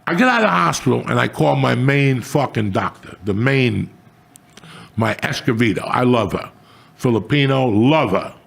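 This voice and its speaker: An older man spins a foul-mouthed story with a rough, gravelly rasp. His pitch swings widely, and he climbs into loud, exasperated rants. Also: moderate pace. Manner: swearing, animated, rising to loud outbursts. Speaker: comedian, show guest. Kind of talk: profane storytelling chat.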